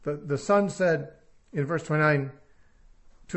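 A man's voice: mid-range voice, expressive, moderate pace, pauses often. A man giving a verse-by-verse Bible teaching, reasoning aloud and putting rhetorical questions to his listeners.

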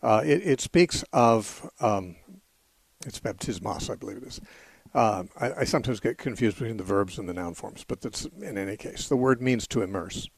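A man hosting a call-in radio show, explaining Bible passages in a measured way and often correcting himself mid-sentence. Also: lowish voice, lively intonation, gravelly, husky, no echo.

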